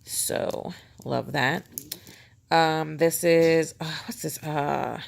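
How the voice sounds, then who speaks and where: Low gravelly-voiced woman rambling on about her stuff at home, jokes at herself a lot. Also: steady tone, extremely slow. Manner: chatty, rambling, self-mocking, talks to her cat in a baby voice. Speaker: planner vlogger. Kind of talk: casual show-and-tell chat.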